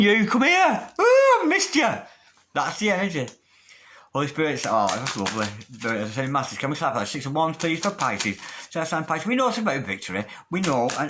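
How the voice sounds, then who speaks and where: A man's voice: on the high side, fairly bright tone. A man giving a tarot card reading in a chatty, emphatic way, swearing casually as he goes. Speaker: tarot reader.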